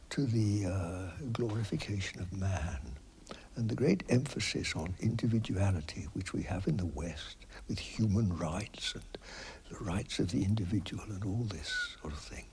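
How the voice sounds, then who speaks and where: Man, low gravelly voice, reflective interview, hesitant pauses, phrases fading to a near-whisper. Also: noisy background. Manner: slow and hesitant, trailing off into a breathy near-whisper; thoughtful, with many pauses and fillers.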